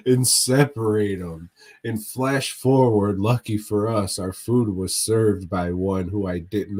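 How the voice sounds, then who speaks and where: A man's voice: lowish voice, darkish tone. A man co-hosting a podcast, telling a profane story in casual chat, laughing as he goes. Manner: laid-back, swears a lot, laughs while telling a story. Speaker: podcast co-host.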